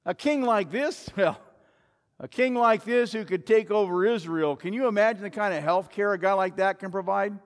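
A man preaching a sermon as a pastor in a church, telling the story dramatically, acting out what the crowd shouted and asking the listeners pointed rhetorical questions. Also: sits high, moderate pace, long reverb tail. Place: church sanctuary.

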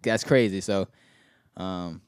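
A man in his late twenties from Maryland, a guest rapper chatting casually in relaxed slang. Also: low-pitched, takes it slowly, clean tone, no room sound, studio quality. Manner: relaxed slangy talk, lots of bro. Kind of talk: casual chat.

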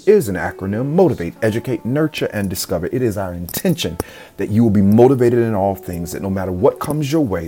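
An earnest man hosts a motivational podcast in a low, mellow voice. He speaks emphatically and leans on repetition, with soft music faintly underneath. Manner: earnest, emphatic, repeats phrases for effect. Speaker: podcast host.

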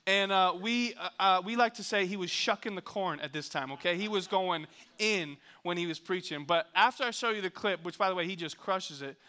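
A young man, a youth pastor, telling a funny story in an energetic, joking sermon. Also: sits high, a little fast, clean tone. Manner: hyped, joking, animated storyteller.

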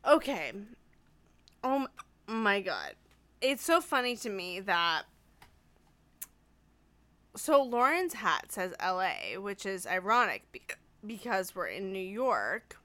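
A woman's voice: mid-range voice, big pitch swings, takes it slowly, long pauses, sharp tone. A young woman co-hosting a comedy podcast, tipsy and hiccuping, rambling and giggly in casual chat. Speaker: podcast co-host.

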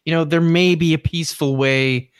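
A man's voice: on the high side, fairly even intonation, moderate pace, smooth, no room sound, clean studio sound. A man playing a tabletop game, talking in a hesitant, stammering way. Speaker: player.

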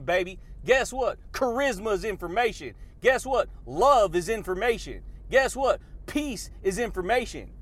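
A man's voice: high-pitched, a bit bright. A man hosting a motivational podcast, hyped and slangy, repeating catchphrases and laughing often. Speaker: podcast host.

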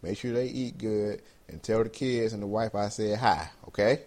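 A man's voice: fairly low pitch, moderate pace, a little mellow. A man co-hosting a casual comedy chat, boasting playfully and riffing. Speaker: podcast co-host.

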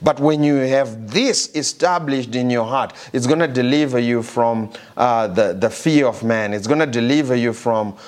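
A man preaching a sermon, reading scripture aloud and slowing down with rising emphasis on key verses, with some halting restarts. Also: mid-range voice.

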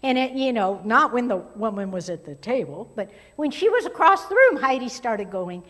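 A woman pastor preaching a sermon, moving between strong emphasis and hushed, near-whispered asides. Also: high-pitched, very animated, moderate pace, hardly any pauses. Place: church sanctuary. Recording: long hall reverb.

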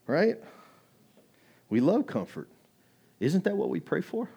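A man's voice: sits high, very animated, takes it slowly, gravelly, long pauses, dark tone, husky. Male pastor, sermon, chatty delivery that turns emphatic. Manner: conversational preaching, acts out quoted voices, rising to emphatic.

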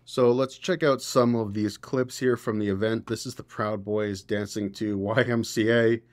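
A man's voice: lowish voice, steady tone, moderate pace. A man hosting a political podcast, reading news stories aloud and reacting with exasperated, profane commentary. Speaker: podcast host.

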